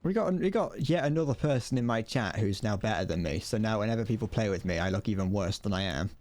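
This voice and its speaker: Lively-voiced man streaming a tank game. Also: on the low side, fast. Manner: chatty, swearing, laughing, talks to chat. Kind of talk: casual gameplay commentary.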